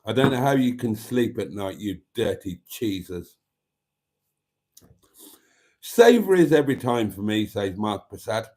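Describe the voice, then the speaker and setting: A man's voice: fairly low pitch, big pitch swings, measured pace, pauses often, dark tone. A man hosting a casual live stream, reading out viewer comments in a chatty, wry and self-mocking way.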